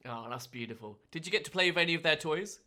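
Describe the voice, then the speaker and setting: A man's voice: a little high, expressive, fast, sharp tone. A man hosting an interview, reacting briefly and asking short questions. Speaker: interview host.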